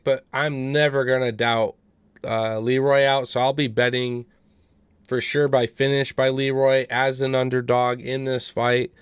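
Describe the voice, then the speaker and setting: Podcast co-host, male, smooth dry voice, easygoing and sweary. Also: medium pitch, no room sound. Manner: laid-back, profane, chatty. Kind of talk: casual podcast banter and fight picks.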